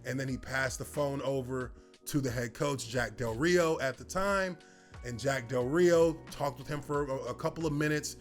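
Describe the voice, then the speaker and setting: A man in his thirties telling a personal story in casual talk, relaxed and rambling with lots of fillers. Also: mid-range voice, moderate pace, soft background music. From United States. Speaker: former football player telling his story.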